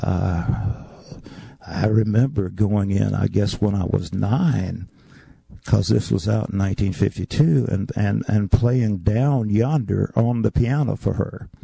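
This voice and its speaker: Older guy telling old stories, gravelly and mellow, dry sound. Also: fairly low pitch, takes it slowly, no room sound. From North Carolina. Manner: reminiscing, acts out the voices in his stories. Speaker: guest. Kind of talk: storytelling interview.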